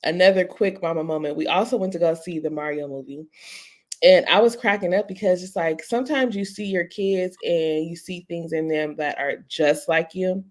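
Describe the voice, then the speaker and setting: A woman, co-hosting a podcast in a lively, laugh-filled storytelling way. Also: on the low side, moderate pace. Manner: animated storytelling, laughs often. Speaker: podcast co-host. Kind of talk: casual chat.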